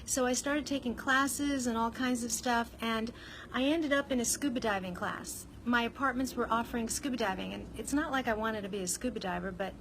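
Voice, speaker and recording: Woman, fairly high voice, candid personal storytelling, conversational, faint background hiss. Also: fairly quick, low-quality recording. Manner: candid, conversational, animated retelling. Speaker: vlogger.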